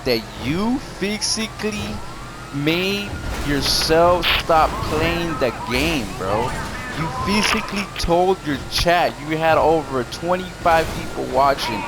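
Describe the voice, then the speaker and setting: A man's voice: on the high side, animated, slow. Heated man ranting, noisy background. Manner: heated, repetitive, slangy. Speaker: gaming YouTuber. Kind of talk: casual rant to camera.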